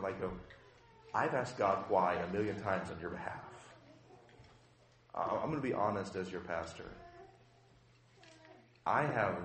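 A man preaching a sermon as a pastor, impassioned and shifting between quiet and loud passages. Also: lowish voice, echoey room.

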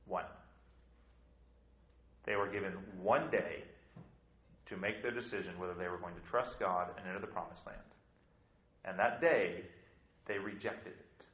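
A man preaching a verse-by-verse sermon, repeating rhetorical questions to drive his point home. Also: lowish voice. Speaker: pastor. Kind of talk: expository sermon. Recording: echoey hall, dull lo-fi sound.

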